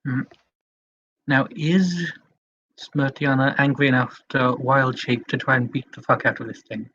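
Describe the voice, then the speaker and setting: Tabletop player, playful, mid-pitched, faint hiss behind. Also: steady tone, a little slow, fairly bright tone, dull audio. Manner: playful, thinks aloud, hesitant fillers. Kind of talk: casual tabletop game chat.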